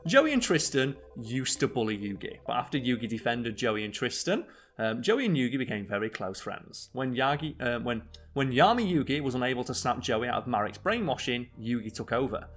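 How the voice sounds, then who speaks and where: A man's voice: medium pitch, very animated, fairly quick, fairly bright tone. A young man, co-host of a casual podcast, who rambles with many fillers and restarts. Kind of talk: casual chat.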